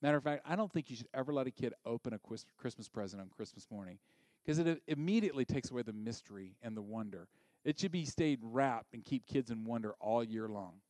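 A male pastor preaching a sermon. He is animated and sometimes drops to a hushed near-whisper for emphasis. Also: medium pitch, quick pace, hardly any pauses, no echo.

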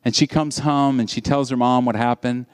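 A man preaching a sermon in an animated, conversational storytelling way. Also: mid-range voice, normal speed, clear, resonant tone.

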